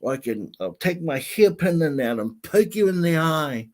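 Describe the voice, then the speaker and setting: A man's voice: on the high side, very animated, normal speed, a little mellow, voice pushed up. A man voicing a feisty, very old woman who defiantly lists the ways she could fight off a mugger. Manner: defiant, listing threats.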